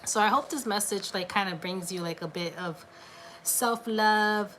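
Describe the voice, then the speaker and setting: A woman's voice: mid-range voice, unhurried, a bit bright, a little hiss or hum. A woman giving a casual, encouraging tarot reading on a livestream, chatty and full of filler "like"s. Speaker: tarot card reader.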